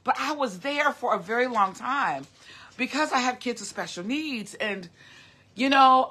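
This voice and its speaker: A middle-aged woman talks straight to her viewers in a heartfelt livestream, earnest and encouraging. Her voice is bright and forward, with a husky, breathy edge. She doubles back on her words and restarts her sentences as she goes. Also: fairly high pitch, expressive, a little slow. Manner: earnest and encouraging, often repeats herself and restarts. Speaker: host of a motivational live video. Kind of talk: casual heartfelt livestream talk.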